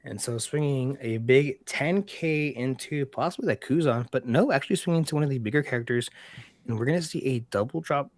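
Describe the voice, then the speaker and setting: A man's voice: medium pitch, brisk, a little mellow, no room sound. A man co-commentating a card game match casually, upbeat and agreeable as he explains the rules.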